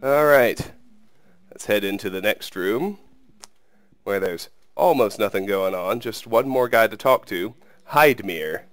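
A man hosting a game playthrough, talking through where to go next in a relaxed way. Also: on the low side, unhurried, no echo. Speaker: let's play host.

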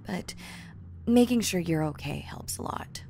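A young woman playing an obsessive girl who has kidnapped her crush, giggling, teasing and dropping into soft whispers, in an audio role-play. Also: on the low side, expressive, takes it slowly, vocal fry, slight background noise, heavily acted. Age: young adult. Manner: breaks off to fix her own lines. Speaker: voice actress.

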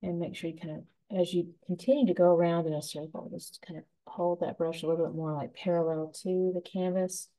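Woman, painting instructor, low mellow voice, calm and gentle guidance. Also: rough recording. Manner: gentle, soothing, unhurried instruction. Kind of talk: step-by-step painting tutorial.

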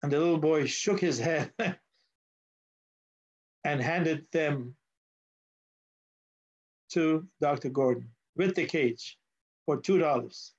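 Brief: male pastor, sermon storyteller, slow delivery, muffled church recording. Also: fairly high pitch. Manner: storytelling, asks the congregation questions. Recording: dull lo-fi sound.

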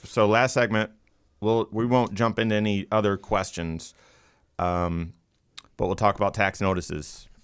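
Fast-talking male radio show host. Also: lowish voice, smooth, no echo, clean studio sound. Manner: fast-talking, energetic delivery. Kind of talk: radio call-in show hosting. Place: radio studio.

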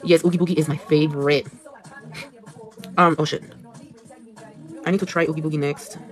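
This nail artist's deep, steady voice moves at a moderate pace as she chats through a livestream of her work. She's talkative, curses offhandedly, drops in Spanish and reads her viewers' comments out loud, with music in the background.

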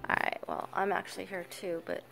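A woman's voice: fairly low pitch, flat delivery, brisk, creaky, fairly bright tone, faint music behind. An older woman, a grandmother, chatting casually at home into a handheld phone camera while giving firm, fond commands to dogs and children. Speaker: grandmother filming her granddaughters. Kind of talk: casual home video chat. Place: home, indoors.

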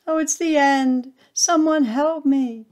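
A woman's voice: medium pitch, lively intonation, a little slow, warm tone. A woman voicing a small, frightened, lonely acorn in a storybook tale, with breathless pleading cries.

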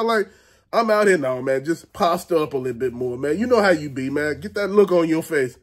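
Host casting: middle-aged man, lively comic ranter, swings his pitch a lot, salty language, laughs through his story. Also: fairly quick. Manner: animated, profane, acts out quotes, laughs often. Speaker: show host. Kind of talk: comedic storytelling rant.

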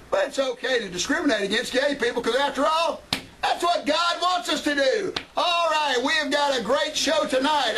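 A man's voice: extremely high pitch, sharp tone, a little hiss or hum, low-quality recording. A man hosting a talk show, delivering a sarcastic, ranting monologue. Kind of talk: comedic opening monologue.

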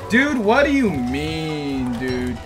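A young man streaming a game, talking to himself in bursts that swing from loud yelps to low mutters. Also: very animated, slow. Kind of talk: gaming commentary. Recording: game music underneath. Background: game music.

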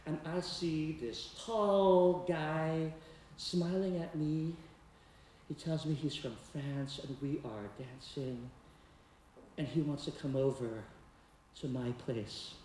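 A man's voice: a little high, a little hiss or hum. A man telling a comic, theatrical personal story on stage, now and then breaking into song. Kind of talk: live storytelling performance. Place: community center stage before a laughing audience. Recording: echoey hall, distant mic.

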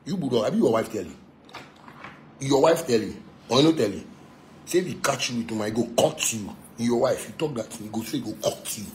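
With a medium-pitched, animated voice that runs a little fast over slight background noise, this Ghanaian musician rants in Ghanaian Pidgin English. His monologue is boastful, taunting, and profane, and he keeps insisting on the same points.

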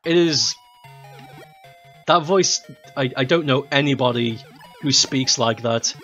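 A streamer in their thirties chatting casually over a game, blunt and quick to swear and laugh. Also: mid-range voice, fairly bright tone, soft background music.

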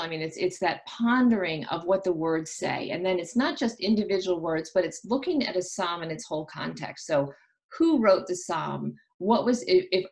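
A middle-aged woman, an author being interviewed on the radio, speaking earnestly and reflectively with frequent restarts. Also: lowish voice. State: insomniac.

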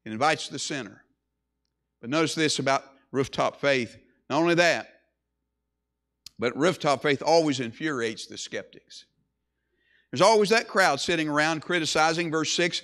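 A man's voice: a little high, lively intonation, normal speed, a bit bright. A man preaching a sermon as pastor, emphatic, with repeated phrases and swelling emphasis.

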